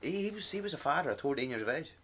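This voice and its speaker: A man's voice: on the high side, big pitch swings, a bit bright. A man co-hosting a podcast in casual chat, chatty and often restarting his sentences. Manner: quick, stumbling restarts, chatty. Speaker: podcast co-host.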